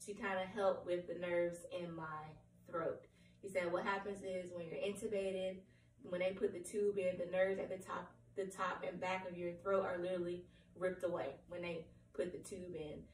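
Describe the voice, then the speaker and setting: Hoarse woman, cracking voice, rambling candid update, many ums, roomy echo, distant mic. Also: on the low side, slight background noise. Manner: rambling, apologetic, with frequent ums. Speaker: vlogger. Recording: roomy, distant from the mic, faint room ambience.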